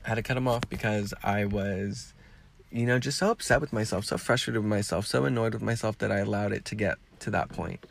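A man's voice: fairly low pitch, a little fast, vocal fry, slight background noise. A man hosting a podcast, talking frankly in a casual, rambling way with lots of swearing. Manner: frank and heavily profane; rambling with many fillers. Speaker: podcast host.

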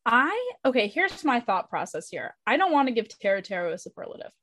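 A woman hosting a casual podcast chat, talkative and quick to laugh. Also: fairly high pitch, very animated, a bit bright, dry recording. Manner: chatty, laughs easily. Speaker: podcast host.

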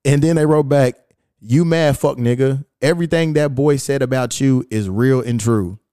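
A man's voice: mid-range voice, moderate pace, warm tone, clean tone, no echo, clean studio sound. A man hosting a podcast, telling a story in casual chat, cursing freely and quoting messages aloud with amusement. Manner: profane, amused, quotes texts aloud. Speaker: podcast host.

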